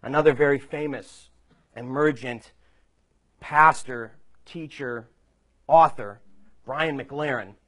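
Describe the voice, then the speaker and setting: A man's voice: medium pitch, slow pace, pauses often, fairly bright tone. A male preacher delivering a sermon, telling a story conversationally with emphatic points.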